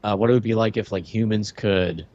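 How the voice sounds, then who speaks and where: A man's voice: on the low side, fairly even intonation, fairly quick, a little mellow, no room sound, lo-fi sound. A man co-hosting a podcast in casual chat, joking and teasing as he retells a cartoon. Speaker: podcast co-host.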